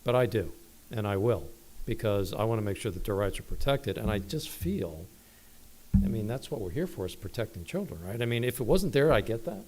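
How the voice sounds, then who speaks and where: A middle-aged man speaking as a resident at public comment in a council meeting, halting and upset, restarting often. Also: lowish voice, expressive, noisy background.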